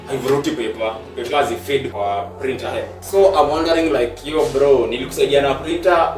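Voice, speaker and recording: A man with a Kenyan accent venting in frustration while filming a casual vlog at his workspace. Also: medium pitch. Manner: frustrated venting, mixing English and Swahili. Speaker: vlogger. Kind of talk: casual on-location vlog talk. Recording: roomy, distant from the mic, music playing.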